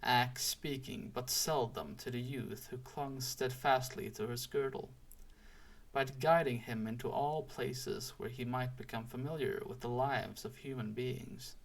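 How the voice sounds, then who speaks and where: A man reading a storybook aloud in a slow, deliberate and expressive way. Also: mid-range voice, gravelly. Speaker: audiobook reader. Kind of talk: storybook read-aloud narration.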